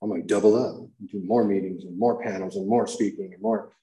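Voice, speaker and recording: A man telling his own recovery story at a meeting, slangy and animated, acting out the voices he quotes. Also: on the low side, fairly quick, roomy sound, rough recording.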